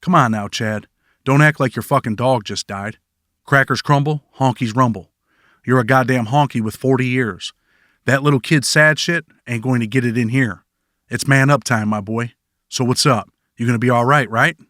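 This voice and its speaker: A man's voice: medium pitch, normal speed, a bit bright, no echo, studio quality, lightly acted. A man voicing a blunt, profane inmate who acts as an older mentor to a newcomer. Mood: blunt, urging. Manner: tough, profane, lecturing.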